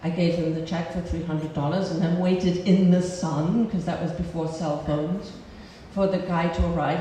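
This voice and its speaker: Woman storyteller, animated and laughing at herself, recorded far off in a reverberant hall. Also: on the low side, a little hiss or hum. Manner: animated, comic, laughing at her own story. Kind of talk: live storytelling performance. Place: cultural center stage before an audience. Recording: roomy hall from a distance.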